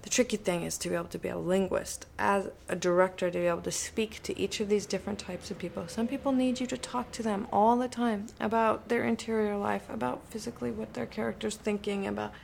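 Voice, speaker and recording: A woman's voice: medium pitch, steady tone, fast, gravelly, few pauses, darkish tone, a little hiss or hum. A woman actor and director, reflecting in conversation and acting out remembered dialogue with animation.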